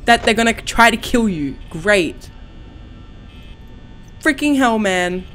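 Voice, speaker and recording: Horror let's-play: young woman, high voice, unhurried delivery, panicky gasps and muttered swearing. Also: lively intonation, a bit bright, soft background music. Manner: panicky, gasping, swearing under her breath. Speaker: gaming channel host.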